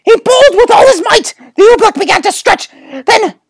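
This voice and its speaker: High, gravelly woman reading a story. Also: animated, moderate pace, no echo. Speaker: reader. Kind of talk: reading a picture book aloud.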